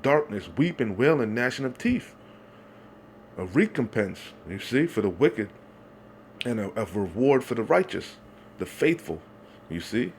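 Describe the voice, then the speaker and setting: A man's voice: medium pitch, sing-song, unhurried, pauses often, darkish tone, slight background noise. A man preaching, reading Bible verses aloud and then commenting on them in a heated, denouncing way, again and again asking "you see?". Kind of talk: street-style scripture preaching.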